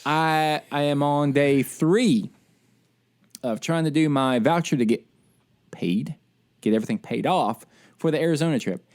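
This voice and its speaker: A man co-hosting a casual podcast, telling a frustrated story in an animated, ranting way. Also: a little high, unhurried, pauses often. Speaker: podcast co-host; military service member.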